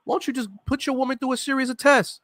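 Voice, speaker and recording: A man hosting a casual chat, emphatic and quick to agree. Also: extremely high pitch, little pitch movement, fairly bright tone, no echo. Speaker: host.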